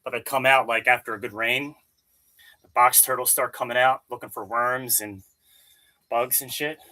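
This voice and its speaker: A young man from Maryland with a bright, forceful tone talks loosely between sets. He rambles, swears freely and answers his chat as if among friends. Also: mid-range voice, fairly even intonation, normal speed. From Maryland, USA. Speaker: fitness vlogger. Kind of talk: casual chat with live chat during workout. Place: home gym.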